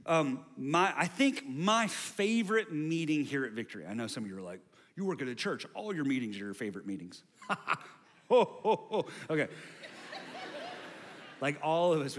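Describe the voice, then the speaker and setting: A man preaching a sermon as pastor, building to loud, repetitive refrains. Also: mid-range voice, long reverb tail.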